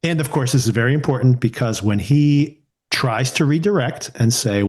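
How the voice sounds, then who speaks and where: A man co-hosting a podcast, chatting casually about a TV series and quoting scenes in animated voices. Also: medium pitch, normal speed. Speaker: podcast co-host. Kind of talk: casual TV recap chat.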